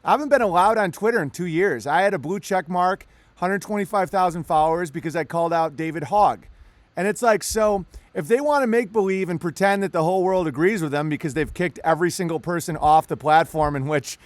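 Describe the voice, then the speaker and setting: A fairly high-voiced man talks in a loose, animated way, peppering his points with curses and quick jokes. The sound is dry and close, with no room around him. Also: no room sound. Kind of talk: casual conversation.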